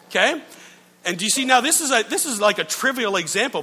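A middle-aged male pastor preaching in a relaxed, conversational way, telling stories, poking fun at himself and often checking in with his listeners. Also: sits high, a little fast, breathy edge. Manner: storytelling, checks in with listeners, self-mocking. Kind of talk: conversational sermon. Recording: long reverb from a large hall.

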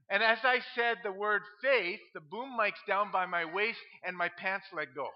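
Man, pastor, high voice, animated storytelling, laughs at his own jokes, dull lo-fi sound. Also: moderate pace. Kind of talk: humorous sermon storytelling.

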